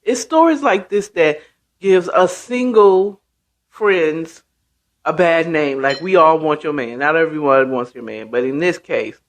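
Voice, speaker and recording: A woman hosting a casual story recap, chatty and profane in an unhurried way. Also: sits low. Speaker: host.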